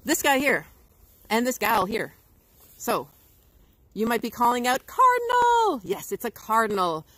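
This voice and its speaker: Woman, nature educator, livestream lesson for kids, animated pitch, playful and upbeat. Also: unhurried, no echo, poor audio. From Canada. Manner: bubbly, playful, imitates bird calls.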